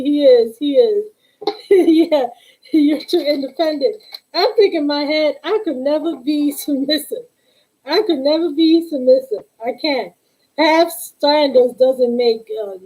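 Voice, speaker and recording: A woman hosting a casual live stream, telling a story in a sassy, animated way and quoting the other side of the exchange. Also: high-pitched, rough recording. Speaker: tarot reader and live-stream host.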